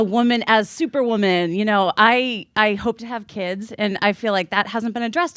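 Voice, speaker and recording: A woman's voice: medium pitch, a bit bright, no echo, studio quality. A young woman asking an earnest, slightly hesitant question from the audience at a forum.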